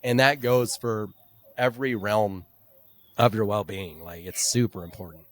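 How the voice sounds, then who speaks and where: Low-voiced man, relaxed podcast guest. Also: measured pace, no room sound. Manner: relaxed and conversational, with repeated starts and "like" fillers. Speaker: podcast guest and nutrition practitioner. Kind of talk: casual podcast conversation.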